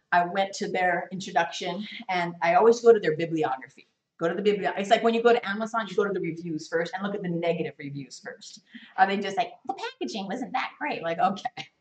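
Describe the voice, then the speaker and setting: A woman teaching a women's Bible study class to a live group, lively and chatty, laughing often and acting out quotes. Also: on the low side, recorded from a distance. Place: meeting room with a live class. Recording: echoey room, voice from afar.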